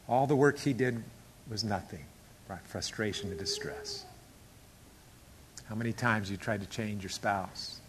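A male pastor preaching a sermon emphatically. He acts out quotes and swings between hushed and loud delivery. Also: mid-range voice, big pitch swings, moderate pace, slight background noise.

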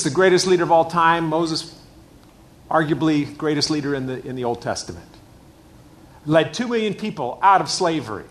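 A middle-aged man preaching a sermon in a church, emphatic and repeating his key phrases. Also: on the high side. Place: church hall with a screen.

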